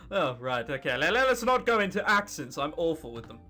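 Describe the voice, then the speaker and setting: A woman commenting casually on a game she is playing, sarcastic and quick to swear and laugh. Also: deep voice, sing-song, bright, forceful tone, soft background music. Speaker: let's-play host.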